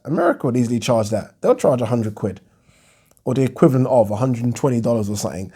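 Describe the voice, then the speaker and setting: Man, casual vlog Q&A, rambling, self-interrupting, warm low tone. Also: lively intonation, fairly quick, breathy edge. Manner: chatty, loose, self-interrupting, swears. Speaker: boxing YouTuber answering viewer questions.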